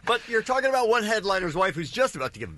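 Bright high-voiced radio host. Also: male voice, very animated, racing. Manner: probing, wry questions. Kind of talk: casual radio banter.

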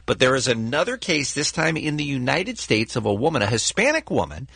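A man's voice: medium pitch, very animated, fairly quick, creaky, fairly bright tone, breathy edge, no echo. A man hosting a morning radio talk show, leading the segment and telling the story with emphatic asides. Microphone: studio microphone.

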